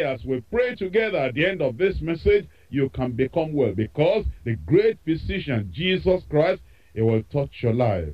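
A man's voice: fairly high pitch, muffled recording. A man preaching a sermon with an emphatic, repetitive cadence.

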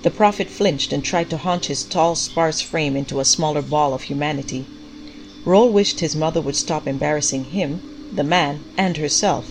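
A woman reading a story aloud in a measured, unhurried way. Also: deep voice, a little hiss or hum, rough recording. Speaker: narrator. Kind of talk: audiobook story narration. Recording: faint background music.

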